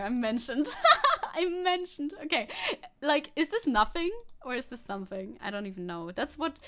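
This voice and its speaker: A woman with a non-native accent chatting on a livestream at a desk mic, her fairly high voice swinging widely in pitch. She rambles, laughs at herself and restarts sentences often. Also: a bit bright. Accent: non-native English accent. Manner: rambling, self-mocking, frequent laughs and restarts. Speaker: VTuber streamer. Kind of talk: casual livestream chat reacting to a video.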